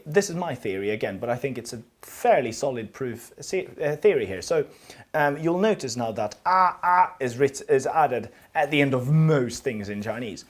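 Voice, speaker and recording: A man teaching a casual video language lesson, explaining his own idea in a musing way with frequent restarts. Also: mid-range voice.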